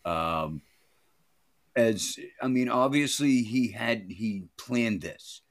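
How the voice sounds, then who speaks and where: A man joins a casual movie review podcast as a guest. His voice sits on the low side, and he makes his points in a steady, matter-of-fact way. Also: slow.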